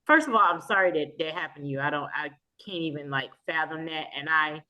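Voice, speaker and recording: A woman's voice: low voice, expressive, fairly quick, bright, forceful tone. A woman co-hosting a podcast who responds sympathetically and chats casually about her own upbringing. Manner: sympathetic, conversational. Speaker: podcast co-host. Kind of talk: casual conversation. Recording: dull lo-fi sound.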